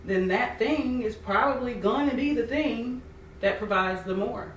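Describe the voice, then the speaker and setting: A woman who is a podcast guest, giving measured, reflective advice in a casual chat. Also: on the high side, a little hiss or hum. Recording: roomy, distant mic.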